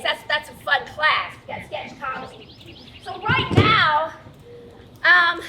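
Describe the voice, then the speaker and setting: An American woman in middle age introduces a student comedy show, drifting off her point as she goes. Her voice is very high and her delivery unhurried, with clear noise in the background. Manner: rambling, loses her train of thought. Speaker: drama teacher introducing the show.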